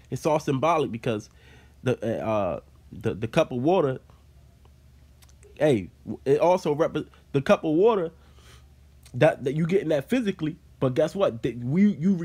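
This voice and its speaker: In an informal Bible study, a man with a fairly high, animated voice reads scripture and then talks it through casually, with fillers like "man." He keeps a moderate pace, pauses often, and sounds darkish with a breathy edge.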